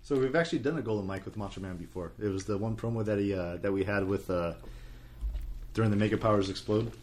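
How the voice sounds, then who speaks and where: A man's voice: on the low side, fast, darkish tone, slight background noise. A man hosting a casual wrestling podcast, talking in a loose, rambling way. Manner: rambling, many fillers and restarts. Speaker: podcast host. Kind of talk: casual chat.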